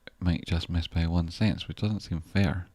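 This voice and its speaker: Low-voiced Scottish man chatting on a livestream. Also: steady tone, moderate pace, a little mellow, no room sound. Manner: chatty, swears freely, effusive with thanks. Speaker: stock trading livestreamer. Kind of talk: casual livestream chat, reading viewer messages.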